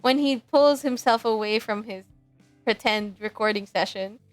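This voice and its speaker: Young woman streamer reading her game out loud, giggly, a bit high, soft music behind. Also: measured pace, no echo. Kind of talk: reading a dating game aloud.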